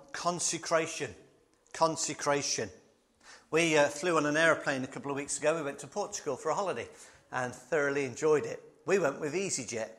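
A man preaching a sermon, emphatic and conversational, fond of repetition and light asides. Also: fairly high pitch.

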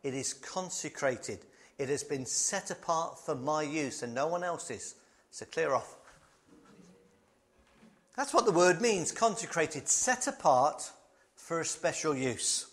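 A man's voice: on the high side, lively intonation, measured pace. A man preaching a sermon, emphatic and conversational, fond of repetition and light asides.

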